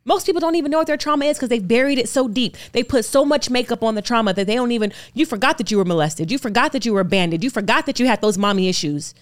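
A woman's voice: on the high side, expressive, rapid-fire, hardly any pauses. Earnest woman firing rhetorical questions. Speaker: podcast guest, actor and producer. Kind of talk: candid interview talk.

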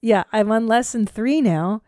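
A woman in her forties hosting a podcast, chatting casually and telling stories in a profane, self-mocking, animated way. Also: a little high, unhurried. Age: 40s. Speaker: podcast host. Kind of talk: casual solo chat.

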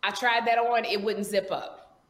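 A woman's voice: mid-range voice, measured pace, roomy sound. A woman on a video call, chatting casually in loose run-on sentences. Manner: animated, rambling, talks in loose run-on sentences. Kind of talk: casual chat.

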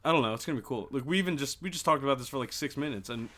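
A man's voice: medium pitch, lively intonation, rapid-fire, fairly bright tone. A young man co-hosting a podcast, chatting casually, joking and rambling with lots of filler words. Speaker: podcast co-host. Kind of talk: casual chat.

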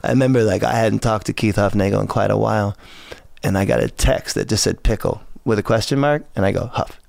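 A man's voice: on the low side, a little fast, vocal fry, a little mellow, no room sound, clean studio sound. A man from Southern California, a podcast guest telling long, profane stories that ramble and often break into laughter. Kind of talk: casual storytelling.

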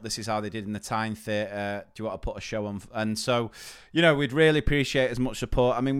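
A man's voice: lowish voice, smooth. A man co-hosting a podcast, chatting casually and plugging a live show in a jokey, teasing way. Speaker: podcast co-host. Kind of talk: casual chat, show promotion.

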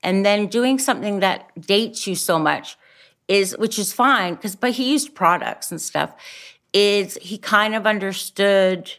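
A woman guest on a podcast, talking chattily and thinking out loud in long rambling stretches. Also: mid-range voice, a little slow. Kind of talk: casual conversation.

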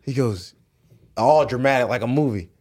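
A man's voice: medium pitch, moderate pace. A young man, a podcast guest, telling a story in casual chat and acting out the voices in it. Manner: animated, acts out voices in his stories. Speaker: podcast guest, pro basketball player.

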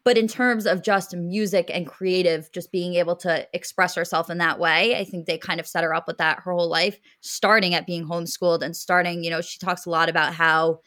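A woman co-hosting a podcast in casual chat, talking in quick, chatty bursts with many fillers. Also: fairly low pitch, steady tone, fairly bright tone, no echo, clean studio sound. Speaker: podcast co-host.

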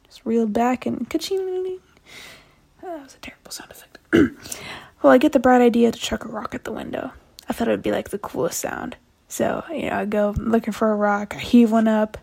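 A woman's voice: fairly high pitch, vocal fry, mellow. A young woman casually telling a personal story to a podcast, chatty and self-mocking.

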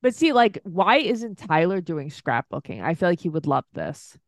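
A woman co-hosting a podcast in casual chat, quick to laugh and bantering playfully. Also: lowish voice, very animated, no echo, clean studio sound. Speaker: podcast co-host.

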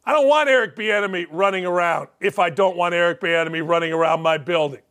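Guy hosting a sports talk show, pretty high voice, blunt and sweary, just ranting. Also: quick pace, fairly bright tone. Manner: blunt, profane, combative ranting. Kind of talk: opinionated sports talk rant.

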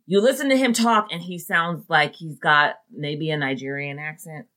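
A woman co-host chats casually on a podcast, giving blunt, wry reactions with some swearing. Her voice sits on the lower side. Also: normal speed, bright, forceful tone. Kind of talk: casual conversational chat.

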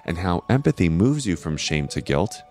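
A man with a very low voice talks through astrology in an earnest, explanatory way. He often checks in with his listeners by asking "right?". Faint music plays quietly behind him. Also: very animated, normal speed. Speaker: astrology host. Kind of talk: educational astrology talk.

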